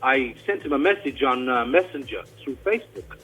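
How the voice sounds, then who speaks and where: A man from Australia, a tribute performer, telling a story in a casual radio interview, with an animated delivery full of restarts and a mild Australian accent. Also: mid-range voice, fairly quick, slightly rough, faint music behind, rough recording. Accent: mild Australian, mostly hidden.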